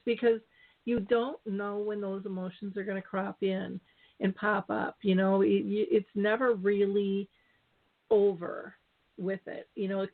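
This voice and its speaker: A woman hosting a radio interview, reflective and affirming as she talks. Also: medium pitch. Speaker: radio show host. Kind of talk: casual interview chat. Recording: tinny phone-line audio.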